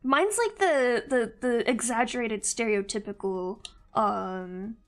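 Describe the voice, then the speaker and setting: A woman's voice: fairly high pitch, slow, soft background music. Chatty young woman with a light Southern-Midwestern lilt. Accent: mild Southern-Midwestern American mix. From Missouri, USA. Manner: rambling, chatty, giggly. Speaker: live-streaming artist. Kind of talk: casual chat with viewers while drawing.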